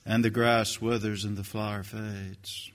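An older man preaching a sermon, swinging from hushed, slow lines to loud, shouted ones. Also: on the low side, level tone, long reverb tail.

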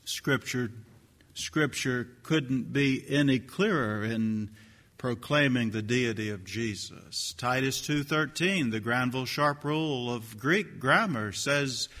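Dramatic older man preaching in a hall. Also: medium pitch. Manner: dramatic swings between hushed and shouting. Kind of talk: sermon.

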